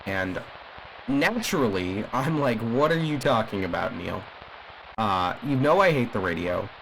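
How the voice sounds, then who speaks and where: A man's voice: on the low side, animated, measured pace, gravelly, a bit bright, slight background noise, heavily acted, poor audio. A man voicing an agitated caller on a radio broadcast in an audio drama, speaking emphatically and rambling with frequent restarts. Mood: indignant. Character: agitated male radio caller defending a cursed family.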